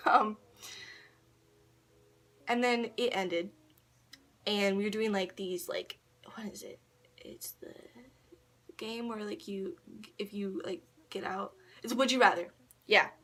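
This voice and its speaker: A woman's voice: medium pitch, steady tone, slow, long pauses, fairly bright tone. Rambling, giggly young woman vlogger. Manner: rambling, giggly, full of ums and likes. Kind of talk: casual storytelling to camera. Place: her own bedroom. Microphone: camera propped on a tissue box.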